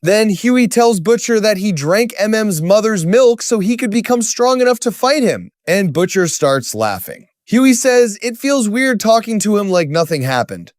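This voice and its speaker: A man's voice: high-pitched, sing-song, normal speed, few pauses, dry recording, clean studio sound. A man narrating a scripted story recap, telling it dramatically and lifting his voice at sudden turns.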